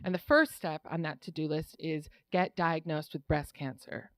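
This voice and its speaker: A woman's voice: sits low, steady tone, moderate pace, no room sound. A woman telling a true personal story on stage in a wry, conversational way, often laughing through her lines. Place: live storytelling venue.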